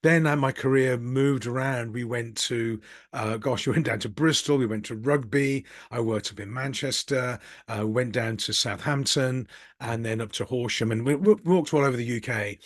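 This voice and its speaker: A man's voice: medium pitch, normal speed, no room sound, clean studio sound. A middle-aged man with a Birmingham accent, talking candidly and a bit ramblingly in a casual reflective monologue, with a self-deprecating streak. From Birmingham, England. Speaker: business coach and channel host.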